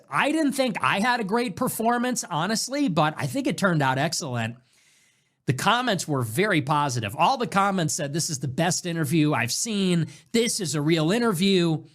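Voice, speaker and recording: A man hosting his own show in a casual monologue, animated and sarcastic, jumping between loud bursts and low mutters. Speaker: show host.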